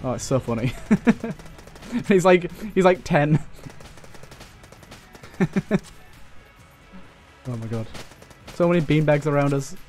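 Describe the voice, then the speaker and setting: A young man narrating his run with chatty, jokey commentary, his voice sitting a touch high. He swears at setbacks and teases the enemies he fights. Faint game music and gunfire play behind him. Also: lively intonation, slow, pauses often, a little mellow. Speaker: let's play gamer. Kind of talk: casual gameplay commentary.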